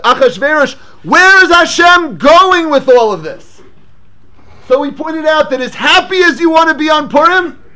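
A man giving a lively Torah lecture, asking rhetorical questions and mixing English with Hebrew and Yiddish terms. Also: very high voice. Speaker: rabbi teaching Torah class.

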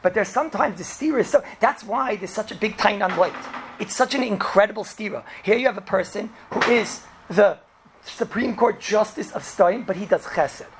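A man with teaching a class as a rabbi, telling stories in a lively way and often asking "right?". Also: high-pitched, normal speed, noisy background. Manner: animated, acts out characters, frequent "right?" and "you know". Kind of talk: storytelling Torah class.

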